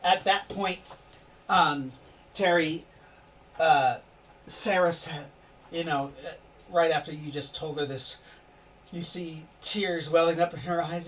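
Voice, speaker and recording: A man's voice: on the high side, fairly even intonation, unhurried, pauses often, a bit bright. A man narrating a tabletop role-playing game as game master, loose and full of fillers, recorded from a distant mic with background noise.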